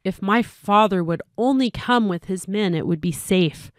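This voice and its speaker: A woman's voice: medium pitch, moderate pace, no echo, studio quality, natural voice. A woman doing an eager young boy.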